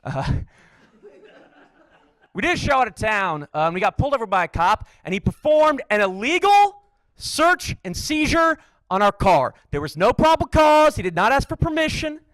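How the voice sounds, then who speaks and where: Young guy doing deadpan stand-up, high voice that swoops around a lot. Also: normal speed, no room sound. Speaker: stand-up comedian. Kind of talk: stand-up set. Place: comedy stage.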